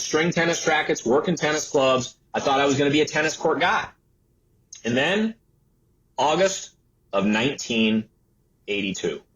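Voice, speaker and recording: A man in his sixties recounts his early career as an interview guest, at a middle pitch. He tells the story with animated energy and slips into the voices of the people he quotes. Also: muffled recording. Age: 60s. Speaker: entrepreneur and author guest.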